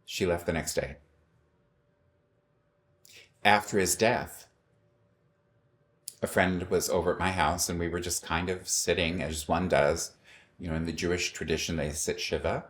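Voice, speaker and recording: A middle-aged man telling a personal story in a wry, animated way, acting out the voices of the people in it. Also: low-pitched, a little slow, pauses often. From Los Angeles.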